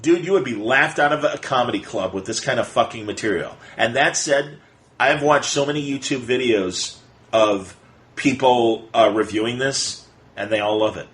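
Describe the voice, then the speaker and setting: A man co-hosting a casual podcast chat, talking quickly and with energy, and slipping into playful voices when he quotes people. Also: mid-range voice, rough recording. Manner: animated, fast retelling with playful quoted voices. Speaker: podcast co-host.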